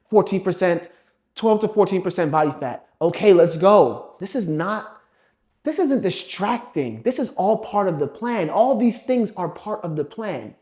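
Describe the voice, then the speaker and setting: Young male fitness vlogger, raised voice, foul-mouthed scolding rant. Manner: blunt, swearing, scolding; swings from low muttering to loud pushing. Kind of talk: profane motivational rant.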